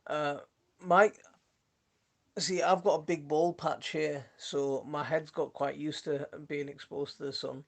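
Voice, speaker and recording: A man's voice: a little high, little pitch movement, a little slow, creaky. A man with a Yorkshire accent hosting a casual gardening live stream, rambling and chatty as he answers viewer comments, laughing often on a phone mic. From Yorkshire, England. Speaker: gardening channel host.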